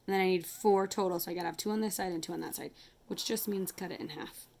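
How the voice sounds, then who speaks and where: A woman's voice: lowish voice, steady tone, fast, vocal fry, darkish tone. Chatty woman teacher talking through math. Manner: chatty, apologetic, talks while coloring and counting aloud. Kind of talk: casual math lesson to kids.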